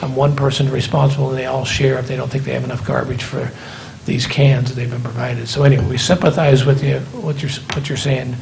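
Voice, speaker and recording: A man runs a county board meeting, talking to speakers in an easygoing, conversational way. His voice has a gravelly edge, with faint background hum. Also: medium pitch, flat delivery, brisk, few pauses, darkish tone, low-quality recording. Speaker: board chair. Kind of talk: chairing a public meeting. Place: council chamber.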